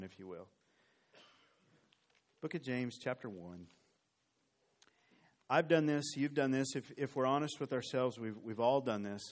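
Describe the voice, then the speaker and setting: A male pastor preaching a sermon, retelling a scripture story animatedly and reading verses aloud. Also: mid-range voice. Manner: animated storytelling, reads scripture in old formal English.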